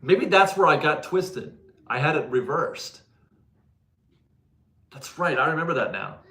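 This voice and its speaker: Man, casual livestream host, laughs often, bright tense voice, echoey room. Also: fairly high pitch, lively intonation, unhurried. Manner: chatty, laughs often, self-correcting. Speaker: livestream host reading viewer donations.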